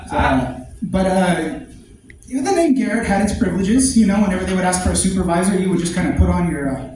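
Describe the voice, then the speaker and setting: A man's voice: sits high, animated, quick pace, darkish tone, heavy reverb, a little hiss or hum, poor audio. A man doing first-time open mic stand-up, chatty and self-deprecating, laughing at his own jokes. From southern United States. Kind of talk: stand-up comedy storytelling. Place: small comedy club stage.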